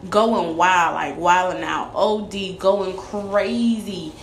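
A young woman tells her own story in a candid vlog monologue, speaking slowly in a fairly low voice. She is blunt and profane, hammering her points home through repetition. The room is echoey with faint ambience and slight background noise.

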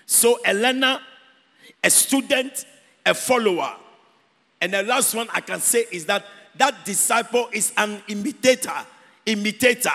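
A Ghanaian man preaching in a church with a high, husky, gravelly voice. He drives points home by repeating words and lifts some phrases into a sing-song. The sound rings with the long reverb of a church hall. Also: a bit bright. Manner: emphatic, repeats key words, sings out phrases. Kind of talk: sermon.

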